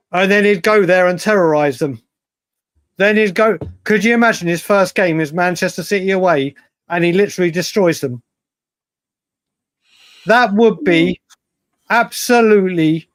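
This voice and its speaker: English man, casual podcast co-host, high voice, chatty and emphatic, repeats himself. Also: no room sound. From England. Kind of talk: casual chat.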